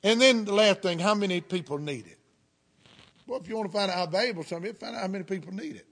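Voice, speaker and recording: Male preacher, Southern US accent, middle-aged, high voice, folksy sermon storyteller. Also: quick pace, fairly bright tone. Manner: folksy storytelling with fervent interjections.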